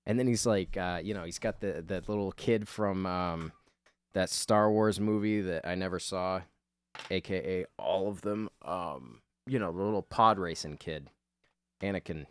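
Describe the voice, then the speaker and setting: A man's voice: low-pitched, moderate pace, clean tone. A man giving rambling, self-deprecating voice-over commentary on his drawing, swearing casually. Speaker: artist, channel host.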